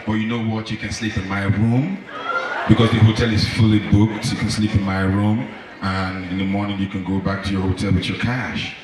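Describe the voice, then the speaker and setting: A man doing a deep-voiced hulking pushy guy. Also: little pitch movement, moderate pace, noisy background, close to an everyday voice. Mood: coaxing. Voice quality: deep, low and hushed. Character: big muscular man, calm and pushy. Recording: echoey live club, from far off, crowd.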